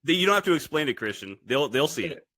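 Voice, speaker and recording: A man's voice: mid-range voice, sing-song, fast, sharp tone, dry recording. A man co-hosting a podcast, speaking in a teasing, dry casual chat. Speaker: podcast co-host.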